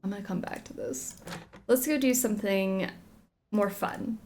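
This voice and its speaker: A young Southern US woman streams a game, giggling and doubting herself as she gives casual let's-play commentary. Her voice is medium-pitched at a normal speed, with a noisy background behind her.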